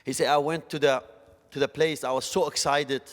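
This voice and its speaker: A man's voice: a little high, steady tone. Man preaching into a reverberant hall. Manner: halting, repeats words, swings between loud and soft. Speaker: youth speaker. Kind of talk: testimony sermon. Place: church hall.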